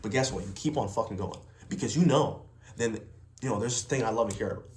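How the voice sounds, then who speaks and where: A man's voice: fairly low pitch, brisk, a little mellow. Blunt, swearing young man, echoey room. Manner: blunt, heavy swearing, emphatic. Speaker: vlogger, salesman. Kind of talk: unscripted personal rant to camera.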